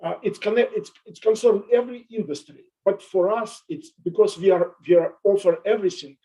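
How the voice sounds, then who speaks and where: Emotional halting man testifying. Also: sits high, mellow, low-quality recording. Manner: halting, many restarts, emotional. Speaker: adult day center owner testifying. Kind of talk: public hearing testimony.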